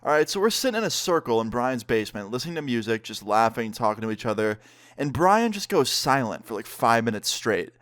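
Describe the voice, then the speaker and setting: A young man spins a wild story for his viewers at a middle pitch. He sounds animated and profane, leaning on "like" at every turn. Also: a little fast. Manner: animated, profane, heavy use of "like". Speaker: vlogger. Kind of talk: casual storytelling.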